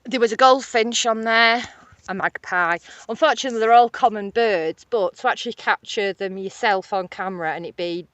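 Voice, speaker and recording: A woman, vlogging casually and excitedly about wildlife while walking on a rural hillside. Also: medium pitch, normal speed, no echo. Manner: chatty, excitable, rambling. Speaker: nature vlogger.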